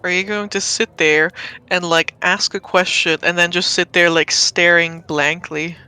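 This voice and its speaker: A woman's voice: lowish voice, fairly even intonation, measured pace, sharp tone, smooth, soft background music, rough recording. A woman acting as dungeon master, narrating a tabletop game in a playful, chatty way. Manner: playful and chatty, often laughing.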